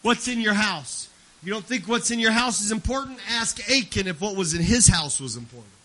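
A man preaching a sermon, swinging from soft confiding talk to loud shouted preaching and often repeating words as he tells stories. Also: high-pitched, expressive, a little fast. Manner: repeats words and restarts when emotional.

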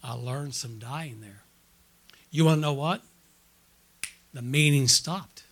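A middle-aged man, a pastor preaching a sermon at a church conference, telling a personal story and calling out to the congregation, rising to loud excited peaks and dropping to quiet asides. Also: medium pitch, slow.

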